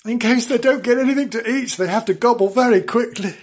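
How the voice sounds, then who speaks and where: A man voicing a sulky, gluttonous pet in a storybook, talking in a slow, drawn-out whine. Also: very high-pitched, voice pushed up.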